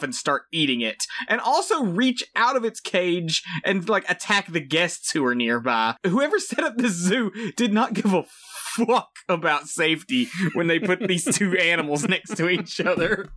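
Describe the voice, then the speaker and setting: A man co-hosting a casual film review chat, his voice lively and swooping, with a bright, sharp tone. He gets excitable, swears freely and laughs often. His pitch sits somewhat high for a man. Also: normal speed, few pauses. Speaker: podcast co-host.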